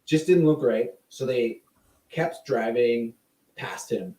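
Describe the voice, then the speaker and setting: A man's voice: mid-range voice, slow pace, mellow, echoey room, far from the mic, rough recording. A man co-hosting a podcast, telling a ghost story in a rambling, jokey, casual way. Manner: rambling, jokey, laughs often. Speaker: podcast co-host.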